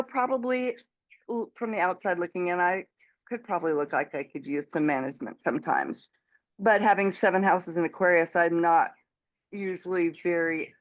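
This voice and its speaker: A woman talking with a coach in a chatty, animated way, laughing easily, heard over a video call. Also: on the low side, dry recording, highs cut off. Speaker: coaching client. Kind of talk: casual conversation.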